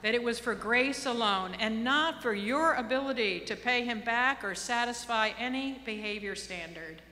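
Bright-voiced woman preaching in a reverberant church. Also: fairly high pitch. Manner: earnest preaching with slow emphatic phrases and casual asides. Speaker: pastor. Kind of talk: sermon.

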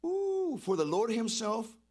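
A middle-aged man preaching a lively sermon, calling on the congregation to respond and shouting praises. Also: very high-pitched, unhurried. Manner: exuberant, call-and-response preaching. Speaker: pastor.

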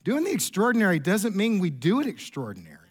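Animated middle-aged pastor preaching a sermon. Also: male voice, fast talker, slightly rough. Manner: animated storyteller, jumps pitch for quoted lines. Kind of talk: sermon with storytelling. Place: church sanctuary.

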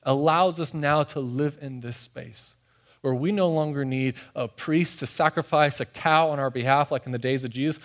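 A man preaching a sermon, swinging between excited, loud stretches and hushed, soft ones. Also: medium pitch. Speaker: pastor.

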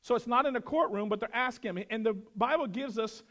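A middle-aged man preaching a verse-by-verse sermon, swinging from loud emphatic lines to quiet, dropped asides. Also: very high-pitched, fast. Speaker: pastor.

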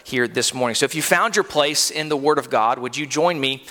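A pastor in his thirties preaches in a church sanctuary, talking a little fast in a medium-pitched, bright, forceful voice. His delivery is earnest and conversational with many fillers and restarts, captured with long hall reverb.

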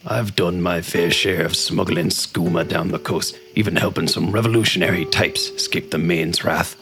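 An actor playing a gruff, drunken male elf boat captain and former smuggler with a deep gravelly voice, slurring and gloomy, in an audio drama. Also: steady tone, moderate pace. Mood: grumbling. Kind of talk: audio drama podcast acting. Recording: faint background music.

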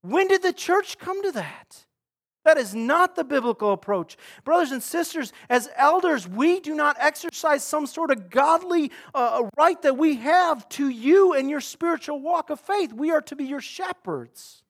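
A middle-aged male pastor preaching with a notably high voice. He is earnest and dynamic, pressing some lines out loudly and dropping others to a near hush. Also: expressive, a little slow. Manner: earnest preaching, swings from loud emphasis to hushed. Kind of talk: sermon.

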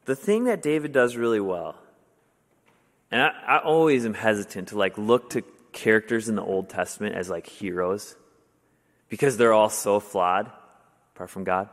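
A young adult man preaching a sermon in a casual, conversational way, with many fillers, getting animated when he tells stories. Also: on the low side, normal speed. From Wisconsin, US. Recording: long hall reverb.

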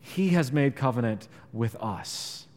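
A man preaching a sermon. He talks earnestly, swells louder on key points and drops quiet on scripture. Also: mid-range voice, expressive, takes it slowly. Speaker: pastor. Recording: long reverb of a large hall.

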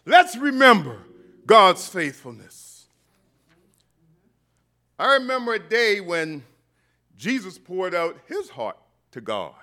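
A man preaching a sermon with passion, building to shouted, repeated refrains and calling on the congregation to respond. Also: very high-pitched, very animated, takes it slowly, pauses often, soft background music.

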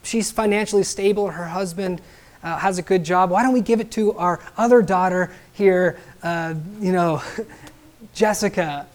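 A man voicing a tearful wife who quickly talks her dying husband out of his choices, in a sermon joke. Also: high-pitched, close to an everyday voice. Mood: pleading.

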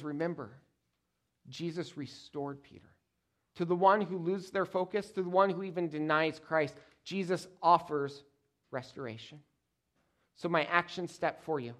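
A man who is a pastor, preaching a sermon in an emphatic style with dramatic pauses, repeated phrases, and wide swings between loud stresses and quiet, low endings.

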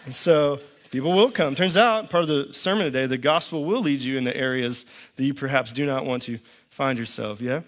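A man's voice: medium pitch, fairly quick. A middle-aged man, a pastor, preaching a sermon with dry, understated humor and storytelling. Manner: dry storytelling with quoted back-and-forth.

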